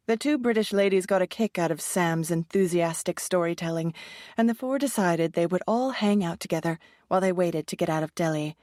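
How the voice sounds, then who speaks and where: A woman narrating an audiobook thriller with steady, even storytelling. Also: fairly low pitch, fairly quick, no echo, studio quality. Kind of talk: scripted narration.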